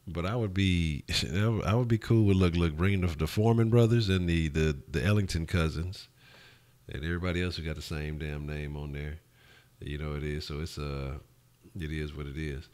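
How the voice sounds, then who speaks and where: A host talks sports in a loose, profane ramble, often restarting his sentences. His voice sits extremely low, a very deep bass. He chats casually and keeps answering viewers. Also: moderate pace. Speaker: sports talk show host. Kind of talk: casual live-stream sports talk, answering chat.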